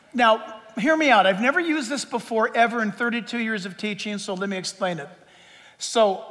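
High-voiced bright pastor preaching in a hall. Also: male voice. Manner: conversational, joking with the congregation. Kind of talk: sermon. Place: church sanctuary.

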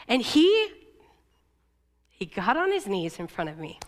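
A woman from Oregon giving a sermon, telling a personal story in an emotional, confessional way. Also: sing-song. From Oregon, USA. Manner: emotional, confessional storytelling with quick shifts in pitch. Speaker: church staff speaker.

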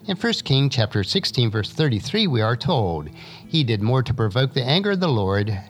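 Expressive man reading scripture over music. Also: moderate pace. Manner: expressive reading, lifting pitch for quoted speakers. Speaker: scripture reader and teacher. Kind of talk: Bible reading followed by an essay.

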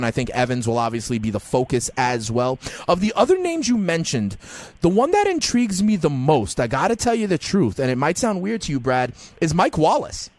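A man hosting a fantasy football call-in show, giving advice in an animated, sing-song way and often addressing callers by name. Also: fairly high pitch, no echo. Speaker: fantasy football radio host.

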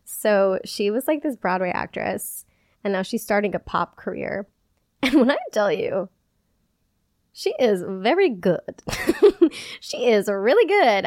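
A woman's voice: medium pitch, no echo, clean studio sound. A woman hosting a podcast alone, talking casually and chattily, peppering her speech with "like". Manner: chatty, peppered with "like", quick bursts and giggles. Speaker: podcast host. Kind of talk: casual solo podcast chat.

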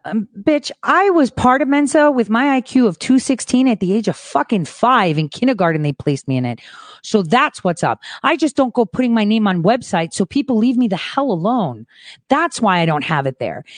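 A woman host delivering a frustrated ranting monologue, blunt and swearing freely, swinging between hushed mutters and loud boasts. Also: fairly high pitch, no echo.

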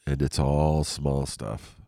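A man's voice: rumbling low, steady tone, slow, gravelly, mellow, no room sound, studio quality. A man hosting a casual solo podcast, stuffy from a cold, rambling and swearing as he talks from his couch. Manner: rambling, profane, self-deprecating. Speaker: podcast host. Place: lying on his couch at home.

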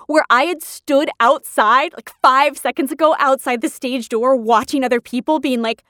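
A woman's voice: on the high side, fairly quick, few pauses, fairly bright tone, no room sound, clean studio sound. A woman, a podcast host telling personal stories in a chatty, emotional way, often laughing. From California. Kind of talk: personal storytelling.

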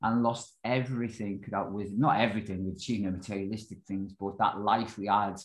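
A man in his forties with a Liverpool accent, a guest telling his life story in a casual, animated way and often saying "you know". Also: on the low side, a little fast, rough recording. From Liverpool, England.

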